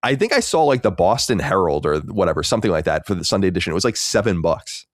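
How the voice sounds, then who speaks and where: A man co-hosting a podcast rattles off rambling stories at a quick clip. His voice sits low but leaps around animatedly, and the sound is dry and close. He swears freely and talks in a loose, casual way. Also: big pitch swings, dry recording. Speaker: podcast co-host.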